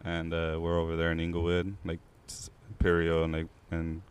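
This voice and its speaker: A man's voice: sits low, normal speed, clean tone. Slangy young man telling a street story. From Los Angeles. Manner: slangy, profane, animated storytelling. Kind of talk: casual storytelling among friends.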